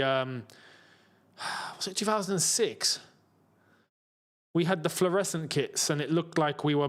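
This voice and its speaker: A young man hosting a live football watchalong, chatting casually and getting excited as chances come. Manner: excitable, chatty, jumps to a high pitch when chances come. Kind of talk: live match watchalong commentary.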